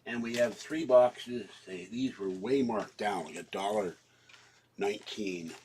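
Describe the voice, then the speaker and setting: A man's voice: fairly low pitch, a little slow, a little mellow, slight background noise, rough recording. An older man with a cough, chatting casually and rambling through his shopping haul at home, with fillers and frequent coughing fits.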